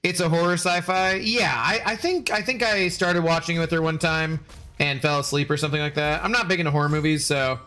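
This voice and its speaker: Gaming streamer, male, slightly high-pitched, chatty and jokey, faint game music behind. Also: a little fast, sharp tone. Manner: jokey and chatty, laughing often, answering chat. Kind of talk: casual live-stream chat while gaming.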